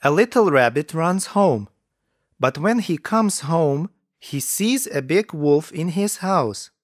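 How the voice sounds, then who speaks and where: A man reads children's stories slowly and carefully for English learners. His voice sits a bit high and moves up and down a lot. The sound is dry and close. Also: no room sound. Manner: slow, careful reading with lively intonation. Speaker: narrator. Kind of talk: slow narration for English learners.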